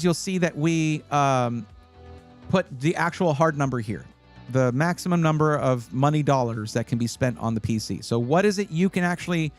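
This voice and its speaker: A man hosting a live stream, chatting casually and advising viewers, with frequent fillers and sudden bursts of excitement. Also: fairly high pitch. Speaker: livestream host giving PC buying advice.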